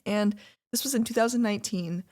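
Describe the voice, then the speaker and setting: A young woman co-hosting a casual couples podcast, chatty and quick to laugh as she tells stories. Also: mid-range voice. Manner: chatty storyteller, animated, laughs often. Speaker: podcast co-host. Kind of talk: casual chat.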